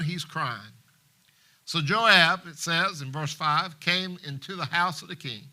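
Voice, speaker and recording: A man preaching in church with a piercing, sharp-edged voice that sits fairly high for a man. He swings between hushed passages and loud, impassioned emphasis, and reads scripture in old King James wording. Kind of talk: sermon. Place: church live stream.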